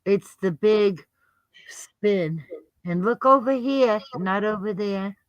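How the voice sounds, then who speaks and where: A woman's voice: mid-range voice, takes it slowly, dry recording, dull audio. A woman co-hosting a casual livestream, chatty and giggly, a little out of breath. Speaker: livestream co-host.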